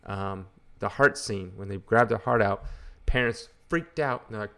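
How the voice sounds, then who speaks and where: Gravelly-voiced man ranting sarcastically. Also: medium pitch, normal speed, pushed and bright. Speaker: comic book channel host. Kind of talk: casual ranting commentary.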